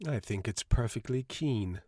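A man's voice: fairly low pitch, a little slow, no room sound, clean studio sound. A man doing a sulky, sarcastic young father. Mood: bitter. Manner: flat, sarcastic.

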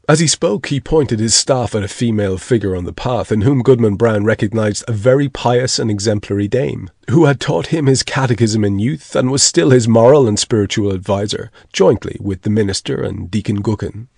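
A man's voice: lowish voice, moderate pace, vocal fry, few pauses, darkish tone, no room sound. Man narrating a story, dry sound. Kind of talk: scripted narration.

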